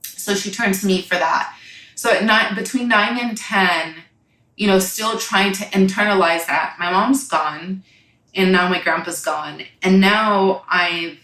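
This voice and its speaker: A young woman telling a personal story in a halting, reflective way, often pausing with "like" and "you know.". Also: medium pitch, sharp tone. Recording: echoey room.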